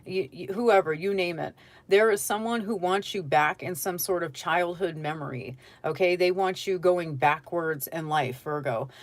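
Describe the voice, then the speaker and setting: A woman's voice: fairly low pitch, normal speed, no room sound. A woman giving a casual tarot reading, talking straight to the viewer and often checking in with "okay?". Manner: chatty, keeps checking in with "okay?"; direct advice to the viewer. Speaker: tarot reader.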